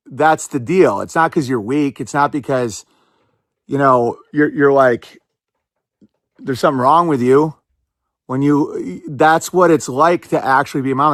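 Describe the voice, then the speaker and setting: A man hosting a podcast, talking in casual, sarcastic commentary with quick bursts and lots of "like". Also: medium pitch, a bit bright, no room sound, studio quality. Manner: rapid, sarcastic, fillers of "like". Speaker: podcast host.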